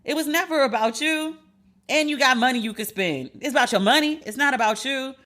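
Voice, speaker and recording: A woman's voice: sits high, brisk, a bit bright. A woman hosting a podcast, ranting in a sassy, emphatic, profane way and repeating lines for punch. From United States. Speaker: podcast host. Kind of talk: casual commentary rant.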